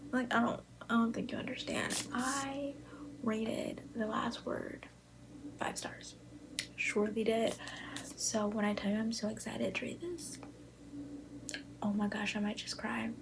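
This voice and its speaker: 19 yo girl from buffalo whispering late at night about books, bit of vocal fry, hiss in the background. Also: fairly high pitch. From Buffalo, New York. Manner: chatty, gushing, full of fillers. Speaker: book vlogger. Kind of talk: casual chat to camera.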